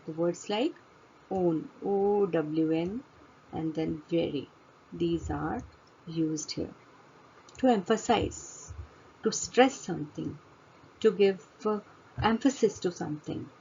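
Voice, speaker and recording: A woman teaching a grammar lesson, speaking deliberately and answering her own questions to drive each point home. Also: lowish voice, mellow, slight background noise. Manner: slow, deliberate, repeats key words as questions and answers. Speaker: English teacher. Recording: dull lo-fi recording.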